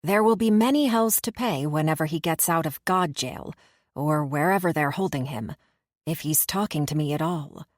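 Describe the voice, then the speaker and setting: Audiobook narrator: woman, lower register, measured first-person reading, dry booth. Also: no echo.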